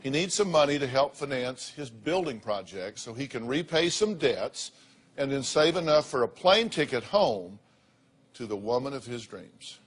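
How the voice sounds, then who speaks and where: Sixties male TV host, husky, folksy and emphatic. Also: medium pitch, sing-song, normal speed. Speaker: talk show host. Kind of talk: talk show presenting. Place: TV studio.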